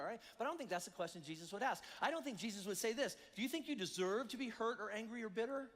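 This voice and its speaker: A male pastor preaching a sermon in a lively, conversational way, acting out the voices of his listeners. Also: extremely high pitch, fast, hardly any pauses. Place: church hall. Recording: long church hall reverb.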